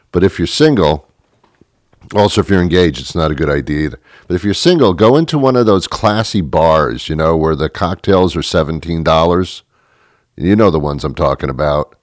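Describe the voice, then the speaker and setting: A man rambles through a comic monologue of tongue-in-cheek advice. His voice sits extremely low. The sound is dry and close, with no room around it. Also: animated, normal speed, no room sound. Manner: rambling, joking, conspiratorial advice. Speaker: comedic monologue host.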